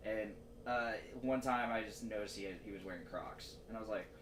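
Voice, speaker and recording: A man hosting a casual podcast chat, laughing often and mimicking people in squeaky voices. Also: brisk, a bit bright. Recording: roomy, distant mic with faint noise.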